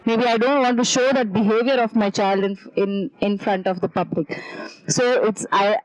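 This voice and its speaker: A woman's voice: medium pitch, steady tone, normal speed, a little hiss or hum, poor audio. A woman with an Indian English accent in a workshop audience, asking questions hesitantly. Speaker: workshop participant.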